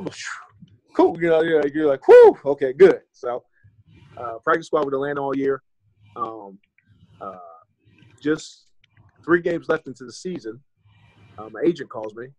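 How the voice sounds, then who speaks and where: A man's voice: medium pitch, poor audio. An American man in his thirties, a former pro running back, telling his story casually and candidly as a podcast guest, with some swearing and acted-out conversations. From United States. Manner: candid and loose, swears freely and acts out remembered conversations.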